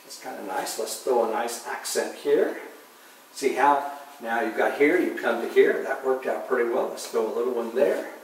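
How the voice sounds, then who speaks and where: A man giving a relaxed painting demonstration, talking softly and unhurriedly, often trailing off quietly as he works. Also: medium pitch, moderate pace, a little hiss or hum. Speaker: painting instructor. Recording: distant mic in an echoey room with faint ambience.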